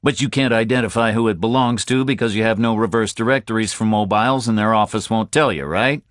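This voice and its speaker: A man's voice: lowish voice, fast, fairly bright tone, no room sound, studio quality, pitched above the performer's own voice, lightly acted. A man doing a blunt, pushy drifter. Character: blunt, sharp-tongued male drifter, pressing.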